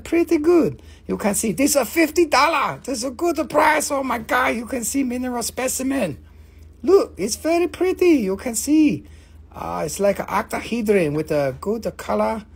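Live rock-sale host, gravelly edge, husky tone, swearing and joking. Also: mid-range voice. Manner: joking, profane, excitable. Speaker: live-stream rock seller. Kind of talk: casual live sales chat.

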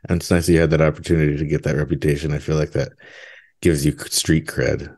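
Podcast co-host, male, 30s, very low voice, loose and jokey. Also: flat delivery, quick pace, a little mellow, slightly rough. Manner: rambling, jokey, laughs often. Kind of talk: casual chat.

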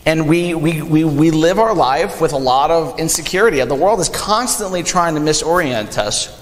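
A young man preaching a sermon, animated, acting out quick quoted asides in a church sanctuary. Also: on the high side. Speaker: pastor. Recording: long hall reverb.

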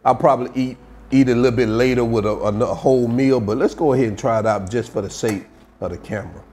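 A man's voice: mid-range voice, fast, darkish tone, slight background noise. Laid-back man cooking host. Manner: laid-back, chatty, tastes food on camera. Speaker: home cook and channel host. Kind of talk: casual cooking video chat.

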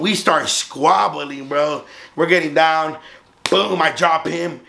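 A man's voice: on the high side, slow pace, creaky, slight background noise. A young man from Southern California casually telling a story as a vlogger, swearing freely and acting out the voices of the others in it. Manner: profane, animated, acts out the other voices.

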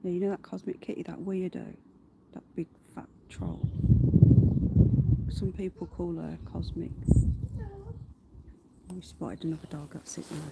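A woman's voice: lowish voice, fairly even intonation, unhurried, gravelly, pauses often, heavy background noise. A woman hosting a casual livestream from her garden, chatting to viewers, greeting them by name and swearing offhand. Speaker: livestream host. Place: outdoors in a garden.

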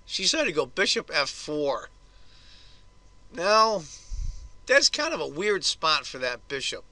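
A hoarse man hosting his own chess video, talking through a game's moves with blunt, grumbling asides. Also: fairly high pitch, very animated, measured pace, bright, forceful tone, no echo. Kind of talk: casual chess game commentary.

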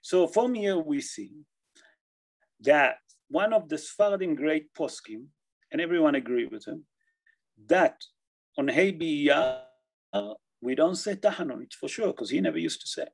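A man teaching a Torah class as a rabbi, explaining Jewish law in a halting way, often repeating and restarting phrases and checking in with his listeners. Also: a little high, lively intonation, creaky, low-quality recording.

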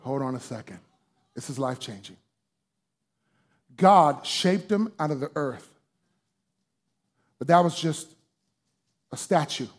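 A man preaching a sermon to a congregation, calling on them to respond, moving from hushed teaching to shouted preaching. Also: fairly high pitch. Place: church sanctuary with congregation.

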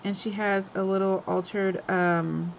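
A woman's voice: medium pitch, flat delivery, measured pace, vocal fry, slight background noise. Female craft vlogger, chatty and effusive, mid-range voice, muffled lo-fi sound. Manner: chatty and gushing, laughs often. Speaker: craft swap host. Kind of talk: casual craft unboxing chat.

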